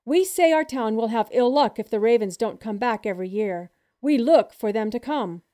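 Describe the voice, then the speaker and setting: A woman's voice: on the high side, animated, normal speed, warm tone, close to an everyday voice. A woman voicing an elderly farmer man in an audiobook, with a plain, matter-of-fact way of talking.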